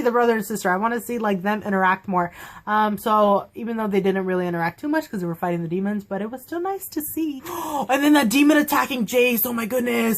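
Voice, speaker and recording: A young woman giving a casual, gushing review of a TV episode, laughing often and acting out characters' lines. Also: fairly high pitch. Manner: bubbly, gushing, laughs often, acts out quotes.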